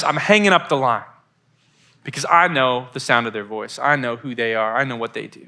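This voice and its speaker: Animated man preaching to youth, bright voice. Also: medium pitch, moderate pace. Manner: animated storytelling with acted-out phone voices. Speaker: youth pastor. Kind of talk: youth sermon.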